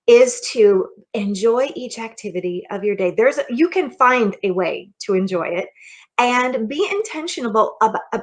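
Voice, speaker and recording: A middle-aged woman, a minister and mindset coach, giving an earnest, conversational motivational sermon, often checking in with the listener. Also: on the high side. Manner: earnest and conversational, with frequent restarts and "okay?" check-ins.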